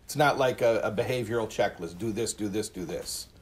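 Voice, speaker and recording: A man's voice: lowish voice, fairly quick. A man hosting an interview, asking probing questions and rephrasing the guest's ideas.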